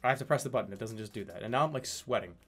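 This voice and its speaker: A man's voice: medium pitch, rapid-fire, very noisy. A young man reviewing his viewers' emotes, rambling and joking, stumbling over his words and swearing. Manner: rambling, animated, swears, slips into silly voices. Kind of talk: casual comedic commentary.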